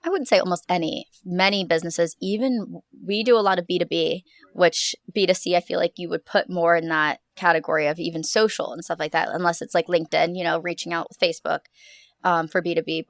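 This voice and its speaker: A young woman co-hosting a podcast in casual chat, explaining things quickly with plenty of fillers. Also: on the low side, steady tone, no room sound, studio quality. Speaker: podcast co-host.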